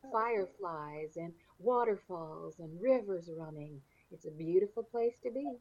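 A woman from the southeastern United States with a Southern accent, a guest chatting warmly and describing things in lush, colorful words. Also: on the low side, lively intonation, unhurried, no room sound, lo-fi sound. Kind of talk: casual interview chat.

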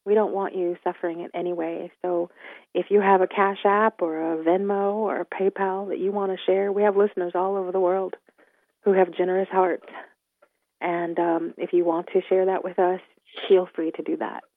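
Gravelly low woman, talk radio host. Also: flat delivery, moderate pace, no room sound. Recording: tinny phone-like line.

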